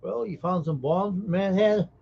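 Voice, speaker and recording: Streaming from his home, a man with a Southern American accent chats with viewers, kidding around and reading out what they write in a folksy tone aimed right at chat. His voice is high-pitched and somewhat dark, with vocal fry and a moderate pace. It's captured in muffled, lo-fi stream audio.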